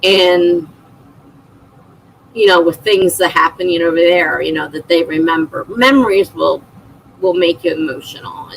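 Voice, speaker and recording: A woman's voice: on the low side, normal speed, creaky, a little hiss or hum, low-quality recording. A middle-aged woman hosting a livestream, chatting casually and laughing often as she reads viewer comments aloud. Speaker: livestream host.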